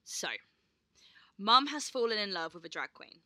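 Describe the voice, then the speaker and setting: Bright, chatty young woman. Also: mid-range voice, expressive, normal speed, no echo, studio quality. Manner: chatty storyteller, laughs often, swears casually. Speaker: podcast co-host. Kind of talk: casual chat.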